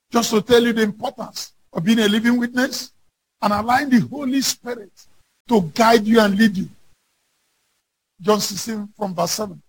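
A man preaching a sermon fervently, reading scripture aloud and rising to shouts. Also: high voice, husky.

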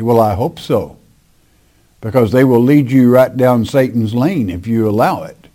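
A man teaching a sermon, reading scripture aloud and explaining it in an emphatic, deliberate preaching manner. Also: medium pitch, animated, mellow. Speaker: Bible teacher.

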